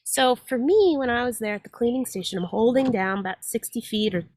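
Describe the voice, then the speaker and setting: A woman in her forties, a guest in a casual chat, telling stories in an animated way with plenty of fillers. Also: fairly high pitch, brisk, no echo.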